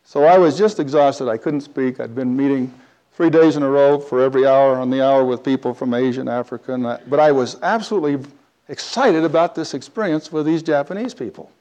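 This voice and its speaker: A man telling a personal story in a talk, animated, with big swings between loud and quiet. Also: medium pitch, a little fast.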